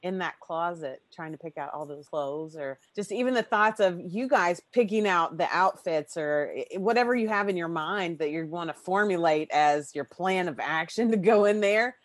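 A woman's voice: on the low side, moderate pace, hardly any pauses, no echo, studio quality. A woman hosting a podcast in casual chat, rambling and emotional, often running through long lists of questions. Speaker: podcast host.

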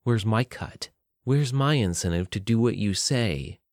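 A cold, deadpan captive young woman, read by a man. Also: lowish voice, measured pace, no echo, studio quality. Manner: flat, emotionless delivery.

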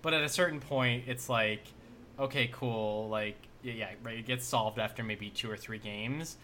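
A man's voice: medium pitch, fairly even intonation, normal speed, bright, forceful tone, a little hiss or hum. A man co-hosting a casual gaming podcast, rambling and leaning on the word "like" as he talks. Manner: rambling, heavy use of "like". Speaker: podcast co-host.

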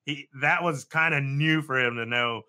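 A man's voice: on the high side, normal speed, bright, forceful tone. Laid-back slangy male co-host. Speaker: podcast co-host. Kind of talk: casual sports podcast chat.

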